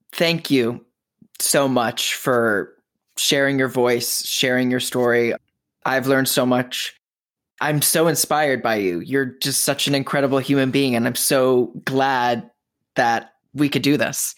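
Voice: mid-range voice, fairly even intonation, slow pace. A podcast host interviewing a guest, effusive and encouraging.

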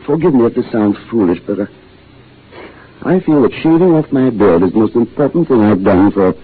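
An actor playing a hesitant, soft-spoken older botany professor with a quietly menacing edge, in a 1940s radio drama on a tinny broadcast. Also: male voice, lowish voice, lively intonation, fairly quick, breathy edge. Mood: wistful. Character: mild older botany professor, henpecked and sinister. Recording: tinny lo-fi old radio broadcast, faint hiss.

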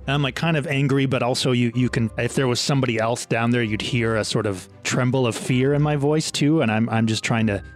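A man's voice: medium pitch, a little fast, hardly any pauses, soft background music. Flustered man playing his character. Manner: animated, flustered in-character talk. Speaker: player. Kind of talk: playing a character in a tabletop game.

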